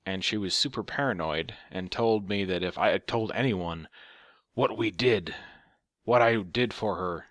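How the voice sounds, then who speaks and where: A man's voice: deep voice, a little slow, a bit bright, no echo, clean studio sound. A man telling a story as a vlogger in a casual rant, sarcastic and profane.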